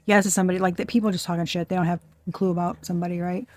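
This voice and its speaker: A woman's voice: fairly low pitch, flat delivery, rapid-fire, darkish tone, no echo. A woman giving a casual, channeled tarot reading, blunt and profane, often breaking off mid-sentence and laughing. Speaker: tarot reader.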